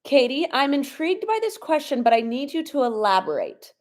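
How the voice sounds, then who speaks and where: A woman's voice: high voice, very animated, a little fast. A young adult woman chatting casually on a live stream from her kitchen, reading viewer comments and laughing often, a little sniffly from a cold. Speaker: vlogger hosting a live stream. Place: home, at a laptop in the kitchen. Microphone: laptop or phone camera propped up.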